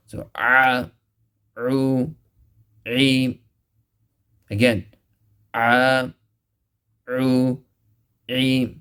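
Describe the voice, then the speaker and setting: A man teaching a recorded Quran recitation lesson, patiently explaining where each sound is made and repeating each one slowly. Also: mid-range voice.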